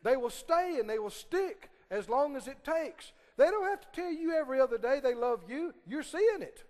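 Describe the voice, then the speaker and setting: Male preacher, high and swooping voice, sermon with call-and-response, long church reverb. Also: expressive, moderate pace, darkish tone. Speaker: pastor. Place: church sanctuary.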